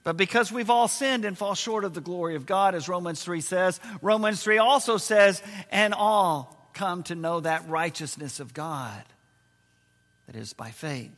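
High-voiced bright male preacher in a big hall. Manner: emphatic preaching, slowing to stress key words, voice dropping low and quiet at times. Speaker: pastor. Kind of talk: sermon. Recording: long hall reverb.

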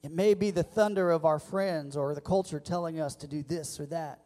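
A man preaching a sermon as pastor, leading the congregation in call-and-response and building to loud emphatic peaks. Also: fairly high pitch, fairly even intonation, normal speed. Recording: long church reverb.

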